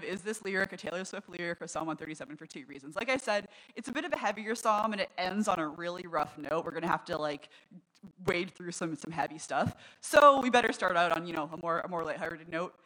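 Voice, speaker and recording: A woman pastor giving a casual sermon to her congregation, running a light quiz game and reading short quotes aloud slowly. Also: fairly low pitch, rough recording. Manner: conversational, reads quotes aloud slowly and brightly. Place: church service.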